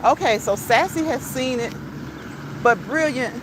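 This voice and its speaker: Chatty laughing woman, fairly high voice. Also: a little slow, background noise. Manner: chatty, laughs often, reads chat aloud. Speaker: live-stream host. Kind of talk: casual live-stream chat while walking. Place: outdoors on a neighborhood walk.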